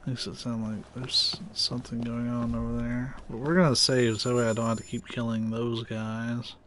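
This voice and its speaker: A man's voice: mid-range voice, flat delivery, moderate pace, fairly bright tone, a little hiss or hum. A man with a nasal voice, casually talking through a game he is streaming live, loose and profane. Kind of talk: live gameplay commentary.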